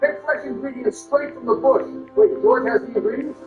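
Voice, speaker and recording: High-voiced man bickering in crude impressions. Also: lively intonation, normal speed. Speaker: gameplay commentator. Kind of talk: comedic game commentary. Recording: roomy, distant, muffled, with music.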